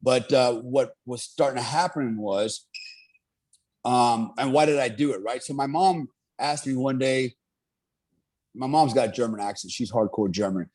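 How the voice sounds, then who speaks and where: A middle-aged man recounts his combat deployments in a casual interview. His pitch sits in an ordinary middle range. He rambles earnestly, with frequent fillers. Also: a little slow, a little mellow. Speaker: military veteran guest.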